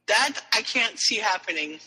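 A man's voice: high-pitched, moderate pace, slightly rough, long reverb tail, low-quality recording. A man co-hosting a podcast, recapping a story in casual chat and animatedly acting out the characters' lines. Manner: animated retelling with quoted voices. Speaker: podcast co-host.

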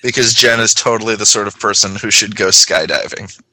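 A man's voice: lowish voice, fairly quick, sharp tone, low-quality recording. A man co-hosting a podcast, joking playfully in casual chat.

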